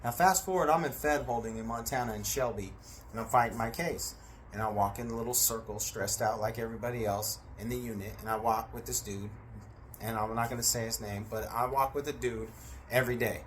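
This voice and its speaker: Animated man telling a wild story. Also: medium pitch, a little fast, slight background noise. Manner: animated, acts out voices and sound effects, swears freely. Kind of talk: casual storytelling.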